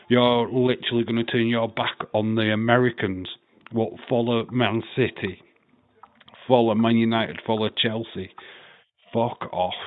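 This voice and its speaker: A man, hosting a live watch-along stream, talking bluntly with swearing and rambling opinions. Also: on the low side. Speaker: livestream watch-along host. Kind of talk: casual live-stream chat and match commentary. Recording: tinny phone-like audio.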